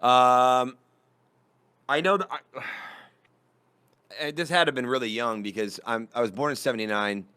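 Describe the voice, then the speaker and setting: Bright, crisp-voiced man in his forties. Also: mid-range voice, measured pace, long pauses, dry recording. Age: 40s. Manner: profane, animated storytelling. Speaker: comedian guest. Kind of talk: casual podcast chat.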